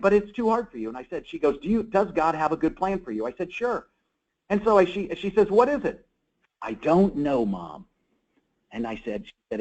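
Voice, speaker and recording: A man's voice: high voice, highs cut off. A man being interviewed as an author on a call, telling stories with energy and acting out dialogue. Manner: energetic, acts out quoted dialogue. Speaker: author and guest. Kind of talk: animated storytelling interview. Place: call or webinar.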